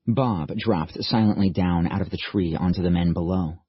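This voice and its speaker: Male audiobook narrator, low and husky, steady measured read, dry dull recording. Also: dry recording. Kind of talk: scripted narration.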